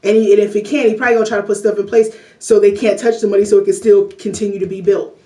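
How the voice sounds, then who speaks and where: A woman's voice: mid-range voice, level tone, rapid-fire, warm tone. A woman vlogger rambling through casual political commentary, full of "you know" and "like," and laughing often. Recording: roomy echo, distant from mic.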